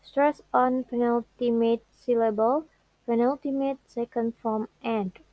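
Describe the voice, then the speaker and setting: A young woman with an Indonesian accent, slowly reading out a pronunciation lesson on word stress and repeating the example words. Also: on the high side, steady tone, warm tone, no echo, poor audio. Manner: slow careful reading with repeated words and restarts. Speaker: student. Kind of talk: pronunciation practice recording.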